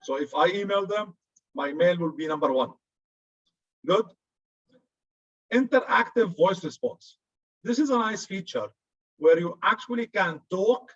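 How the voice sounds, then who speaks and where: A man's voice: high voice, lo-fi sound. Joking Arabic-accented male lecturer. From Arab region. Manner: chatty, joking, says "good" often. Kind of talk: classroom lecture.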